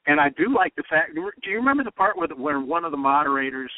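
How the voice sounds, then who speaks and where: A male talk radio host with a lively, swooping delivery that climbs toward near shouts. He sounds heated and emphatic, and his voice comes through dry and tinny, like a phone line. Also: a little high, fast talker, no echo.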